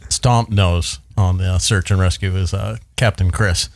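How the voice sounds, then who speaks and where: A man's voice: low-pitched, fairly even intonation, unhurried, no room sound. A man, a guest on a podcast, chatting casually with wry jokes. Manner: joking, wry. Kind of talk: casual chat.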